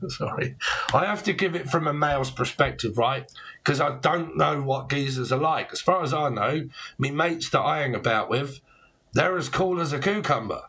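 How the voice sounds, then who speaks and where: A man's voice: a little high, animated, measured pace, pushed and bright, slightly rough. A man giving a casual tarot reading, talking bluntly and rambling, with plenty of swearing and slang. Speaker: tarot reader.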